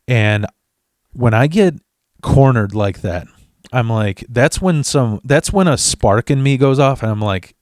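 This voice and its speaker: Animated and a little slow, a podcast host in a mid-range voice tells a casual story with fired-up profanity, tripping over restarts. It's recorded on a studio mic with clean studio sound and no room sound.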